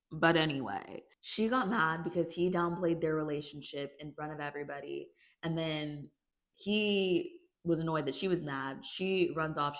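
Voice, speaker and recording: A woman casually recapping a TV season for a video, chatty and animated, breaking off with her own reactions. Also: deep voice. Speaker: YouTube recap host.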